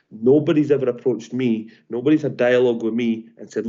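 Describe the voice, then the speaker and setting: A man who owns property, speaking as an objector at a formal meeting in an earnest, halting way. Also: medium pitch, warm tone. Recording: dull lo-fi audio.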